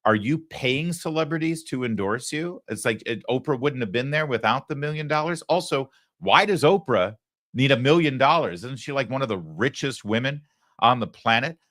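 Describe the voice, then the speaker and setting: A man's voice: mid-range voice, lively intonation, normal speed, a bit bright, no room sound. A man hosting a political talk show, talking with sarcastic, mocking asides from a studio. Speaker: host.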